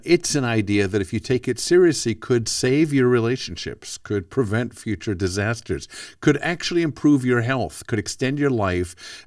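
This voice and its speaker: A man with a very low voice hosts his own show as a rabbi, delivering a scripted inspirational talk. He builds stories with dramatic turns and rhetorical questions. The sound is dry, picked up from a little way off the mic. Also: dry recording, recorded from a distance. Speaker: rabbi and podcast host.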